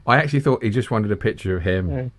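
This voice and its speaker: Animated man repeating words, teasing. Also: lowish voice, quick pace. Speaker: podcast co-host. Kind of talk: casual chat.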